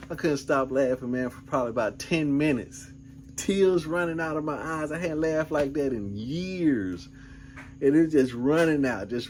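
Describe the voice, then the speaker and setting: A middle-aged man in a casual vlog, rambling through a story in an easygoing way. His voice sits at an ordinary middle pitch, and faint background noise hums behind him. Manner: laid-back, rambling, peppered with "man" and "you know what I'm saying". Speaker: vlogger.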